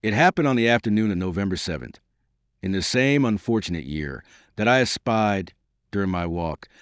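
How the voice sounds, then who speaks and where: A man reading an audiobook in a measured, formal storytelling manner. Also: fairly low pitch, dry recording, studio quality. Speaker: audiobook narrator. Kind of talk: scripted audiobook narration.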